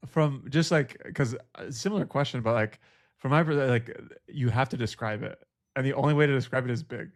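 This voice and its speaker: A man with a gravelly, creaky voice co-hosting a book podcast. He is playful and laughs often as he riffs on jokes. The sound is dry and close to the mic, with no room echo. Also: mid-range voice, a little fast. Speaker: podcast co-host. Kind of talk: casual book club chat.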